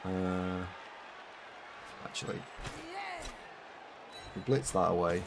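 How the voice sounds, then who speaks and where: Yorkshire male streamer, lowish voice, relaxed running commentary on his own moves, faint noise behind. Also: slow, creaky. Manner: chatty, thinks aloud, reads out chat. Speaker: game streamer. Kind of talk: casual live gameplay commentary.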